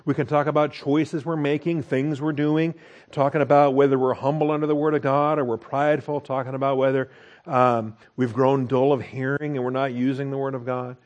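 A middle-aged man giving a verse-by-verse Bible lesson in a relaxed, conversational way. He explains word meanings, then checks in with his listeners with a quick "okay?". His voice sits at an ordinary pitch for a man. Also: lo-fi sound. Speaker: Bible teacher.

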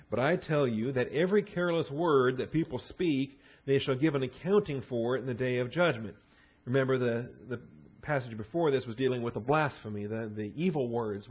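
A man's voice: mid-range voice, breathy edge, highs cut off. A man teaching a verse-by-verse sermon as a Bible teacher, repeating key words for emphasis and often restarting his sentences.

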